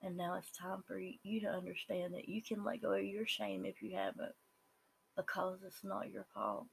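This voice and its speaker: A speaker with a Southern US accent gives an earnest, halting personal testimony, with some words dropping to a whisper. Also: medium pitch, animated, creaky, slight background noise, low-quality recording. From Southern United States. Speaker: person sharing their life story.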